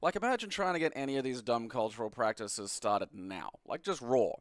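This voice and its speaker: A man's voice: medium pitch, lively intonation, brisk, no echo, clean studio sound. An Australian man rambling sarcastically and swearing freely while commenting on an old computer game he is playing. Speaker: retro game reviewer.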